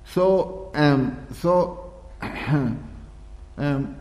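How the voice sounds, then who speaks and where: A man's voice: a little high, drawn-out words, a little mellow. Man teaching in an echoey hall. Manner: repetitive, with rhetorical questions; frequent throat clearing. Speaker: spiritual teacher. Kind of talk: spiritual discourse. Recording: echoey hall with long reverb.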